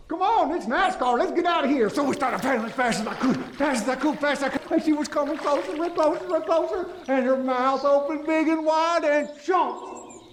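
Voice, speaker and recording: A man's voice: very high-pitched, slight background noise. A man playing a goofy, folksy backwoods storyteller with a drawl, telling tall tales to children. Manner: drawling, folksy, animated, talks to kids. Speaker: kids' dental educator.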